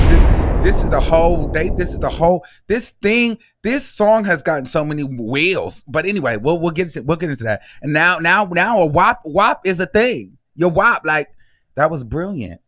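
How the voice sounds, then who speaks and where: A man hosting a celebrity gossip show, giving sassy, outspoken, animated commentary. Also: fairly high pitch, normal speed, background noise. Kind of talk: casual commentary vlog.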